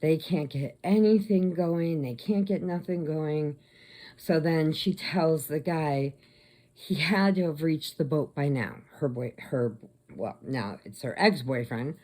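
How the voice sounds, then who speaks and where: A woman casually retelling a movie plot, chatty, slipping into quick voices for the characters. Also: sits low, warm tone. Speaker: crochet vlogger.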